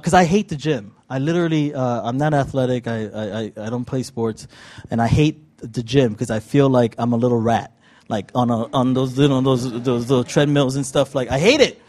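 A middle-aged man preaching a sermon in a casual, self-deprecating storytelling way, with lots of fillers. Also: mid-range voice. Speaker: pastor.

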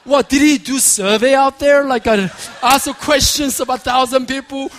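This is a male pastor delivering a sermon. His voice sits high for a man. He moves between relaxed, laughing storytelling and loud, emphatic proclamation. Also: moderate pace, few pauses. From Korea. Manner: animated, laughing storyteller who builds to shouted emphasis.

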